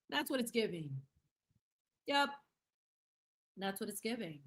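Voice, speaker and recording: Animated woman chatting on a livestream. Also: on the high side, a little slow, long pauses. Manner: animated, slangy, mixes in Spanish phrases; laughs often and reads chat aloud. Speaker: livestream host. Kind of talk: casual livestream chat.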